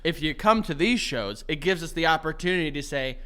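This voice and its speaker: A man with a high, bright, sharp voice jokes through a podcast as co-host. He teases and ribs his partner and laughs at his own lines. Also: animated, fairly quick, clean tone. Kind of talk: casual chat.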